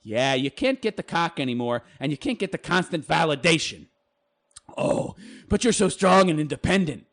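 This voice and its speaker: A man's voice: fairly high pitch, expressive, normal speed, fairly bright tone. A man ranting in a reaction commentary, crude and sneering, swearing heavily.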